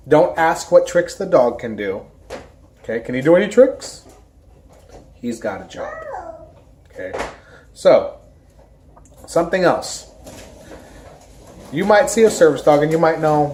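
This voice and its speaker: Woman, low voice, very lively pitch, emphatic, repeats her points, service dog handler talking to camera. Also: normal speed, pauses often, slight background noise. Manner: lively mimicry of careless strangers. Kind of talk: informal educational talk to camera. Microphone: camera in front of her.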